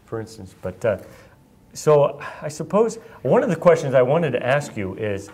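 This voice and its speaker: A man's voice: medium pitch, very animated, moderate pace, a little mellow. A young man from Iowa, chatting casually on stage as the host, rambling and joking at his own expense. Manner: rambling, self-deprecating, laughs often. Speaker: event host asking questions. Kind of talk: casual onstage chat.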